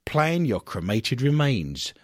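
A man's voice: medium pitch, slow pace, no echo, studio quality. A male radio host in playful, jokey banter with his co-hosts. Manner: jokey and animated, breaks into silly bits.

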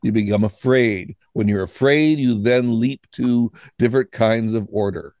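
A man's voice: mid-range voice, unhurried, darkish tone, no room sound, highs cut off. A man from Washington State co-hosting a casual political chat, lecturing in a musing way and often starting with "I mean". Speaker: podcast co-host.

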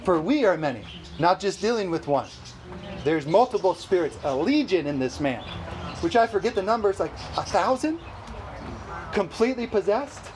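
Brief: a high-pitched male preacher, lively and laughing, at a church service. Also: moderate pace, slight background noise, low-quality recording. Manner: animated, exclamatory, laughs often. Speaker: pastor. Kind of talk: sermon.

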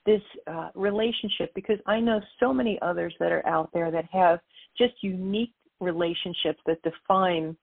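A woman guest telling a lively story about her life in an interview, acting out the voices of others as she goes. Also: mid-range voice, normal speed, vocal fry, slightly rough. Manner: animated storyteller, quotes voices. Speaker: author and guest. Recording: tinny phone line.

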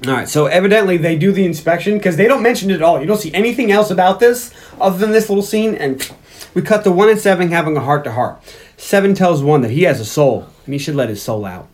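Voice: mid-range voice, fast. A podcast host recapping a movie in casual chat, joking while reading from their own notes. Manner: jokey, reads own notes aloud.

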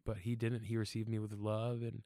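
A man's voice: lowish voice, monotone, a little fast, warm tone, no room sound, clean studio sound. A young man talking casually on a podcast, earnest and rambling, laughing often and with fillers. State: tearful. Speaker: podcast guest.

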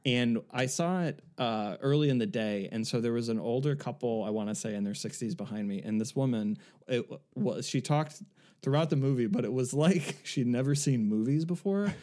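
A man's voice: medium pitch, normal speed, mellow. A man co-hosting a casual podcast chat, telling a long anecdote with many fillers and restarts. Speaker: podcast co-host.

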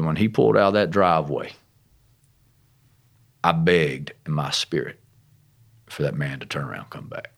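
Gravelly deep-voiced man telling his story. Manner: folksy, rough-spoken, animated. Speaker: missionary guest. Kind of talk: casual testimony storytelling.

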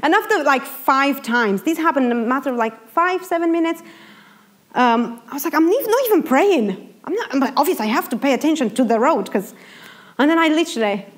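Young female preacher, expressive storyteller, voice sits a bit high, sermon delivery. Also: a little fast. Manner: lively, animated storytelling.

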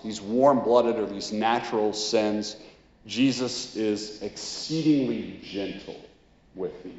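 A man's voice: mid-range voice, darkish tone. A man giving a sermon in a casual, conversational way, full of fillers. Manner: casual, conversational, many "like" and "you know". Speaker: preacher. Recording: echoey hall, dull sound.

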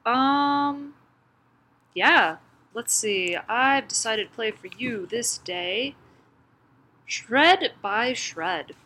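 A woman's voice: fairly high pitch, expressive, drawn-out words, long pauses, pushed and bright, slight background noise. A woman co-hosting a casual podcast, introducing bands in a rambling, giggly way and swearing casually. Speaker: podcast co-host presenting bands. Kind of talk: casual chat.

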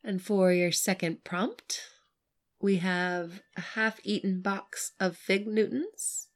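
A woman co-hosting a casual writing podcast, playful and giggly, with quick asides. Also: medium pitch, fairly even intonation. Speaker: podcast co-host. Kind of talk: casual chat and reading a short story aloud.

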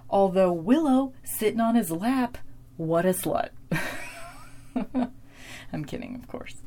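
A woman casually recapping a TV episode, chatty and giggly, with lots of fillers, quoting characters in brighter voices. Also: sits low.

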